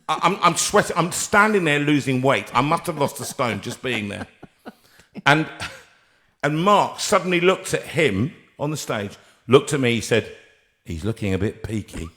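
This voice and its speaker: A man hosting a live stream, telling a comic story with animated, acted-out voices. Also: on the high side, unhurried. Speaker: host and singer.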